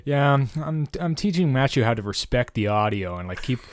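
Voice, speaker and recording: A man's voice: mid-range voice, animated, brisk, noisy background. A young man co-hosting a podcast, talking hesitantly with frequent restarts and laughter. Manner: hesitant, stumbling, laughs often. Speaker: podcast co-host. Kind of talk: casual chat.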